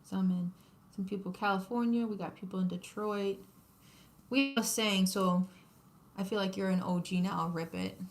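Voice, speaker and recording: A woman's voice: medium pitch, fairly even intonation, moderate pace. A woman, chatting casually with her viewers on a craft livestream while she embroiders. She talks to her audience, laughs often and narrates her work as she goes.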